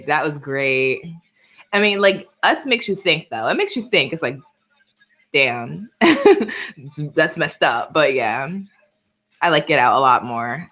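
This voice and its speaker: A woman's voice: low voice, fairly bright tone. Chatty laughing New York woman. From Bronx, New York. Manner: chatty, laughs often, reads viewer comments. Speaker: livestream host. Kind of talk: casual live-stream chat.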